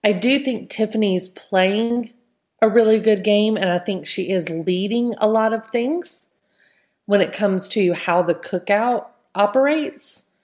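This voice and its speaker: A woman's voice: medium pitch, a little slow, darkish tone. A woman hosting a casual podcast chat, talking loosely and often tagging her points with "right?". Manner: chatty, keeps adding "right?". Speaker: podcast host.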